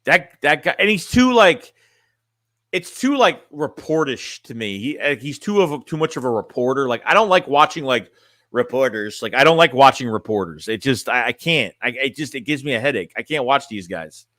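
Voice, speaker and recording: In clean studio sound with no echo, a sports fan streamer chats on a livestream in an animated, fairly bright mid-range voice at normal speed. He reads the chat, speaks bluntly, and rambles, often restarting what he says.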